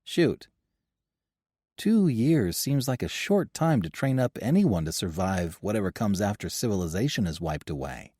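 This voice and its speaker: A man's voice: lowish voice, big pitch swings, normal speed, dark tone, husky, no room sound, studio quality. A man voicing a nervous young recruit. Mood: anxious, urgent. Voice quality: earnest, anxious.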